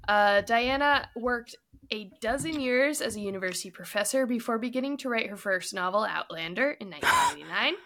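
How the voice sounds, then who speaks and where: A woman's voice: fairly high pitch, expressive, fairly quick, fairly bright tone. A woman hosting a casual book-review podcast, reading background facts aloud and laughing often. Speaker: podcast host.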